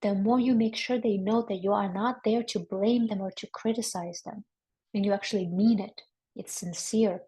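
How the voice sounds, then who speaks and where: Calm woman therapist teaching a workshop. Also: mid-range voice, moderate pace, poor audio. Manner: calm, instructive, often checks in with "okay?". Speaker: marriage and family therapist.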